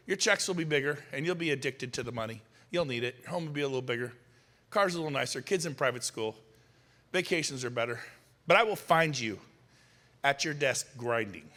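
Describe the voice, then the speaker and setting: A middle-aged man with a bright, forceful voice, pitched a little high for a man, speaking on stage in a big hall. He tells punchy stories and throws quick questions at the crowd, and his voice carries a long reverb off the room. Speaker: motivational speaker. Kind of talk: energetic stage talk to an audience. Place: large hall.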